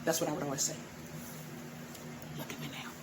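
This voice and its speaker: A middle-aged woman who teaches tantra, talking frankly to her viewers and laughing often. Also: brisk. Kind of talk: direct-to-camera talk. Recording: noisy background.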